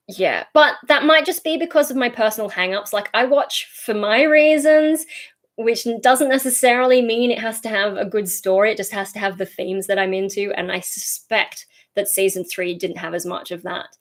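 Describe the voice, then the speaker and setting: A woman's voice: medium pitch, moderate pace. A young Australian woman chatting casually on a livestream, rambling and easily sidetracked as she reads and answers viewer comments.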